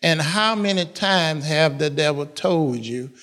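A man's voice: on the high side, animated, a little slow, a bit bright. A man preaching a sermon, repeating phrases and laughing as he drives points home. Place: church. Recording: long reverb of a church hall.

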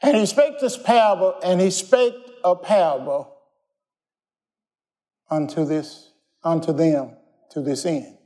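Preacher man with a slightly high voice, down home slang, keeps asking the church to answer back. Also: takes it slowly, long pauses, dark tone. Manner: folksy, call-and-response preaching; plainspoken storytelling with everyday slang. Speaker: pastor. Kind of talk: sermon.

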